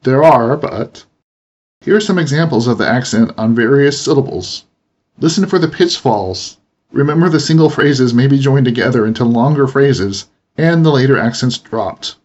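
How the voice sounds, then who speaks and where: A man teaching pronunciation in a steady, explanatory narration. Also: medium pitch, moderate pace. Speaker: language teacher. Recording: dull lo-fi voice recording.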